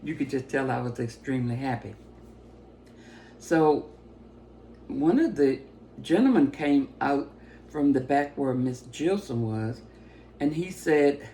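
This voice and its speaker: A woman giving a personal testimony as a story, talking with excitement and breaking into laughter often. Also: extremely low pitch, slow, pauses often, slight background noise.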